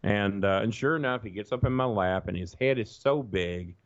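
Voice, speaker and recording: A gravelly, fairly low-voiced middle-aged man, telling profane, rambling stories in casual chat. The sound is dry and dull, like a lo-fi recording. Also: moderate pace, no echo. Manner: profane, rambling anecdotes, acts out quoted voices. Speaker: podcast guest.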